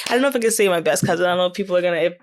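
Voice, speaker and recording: A woman's voice: on the low side, very fast. A young adult woman hosting a casual podcast chat, playful and bubbly, laughing often. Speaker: podcast host.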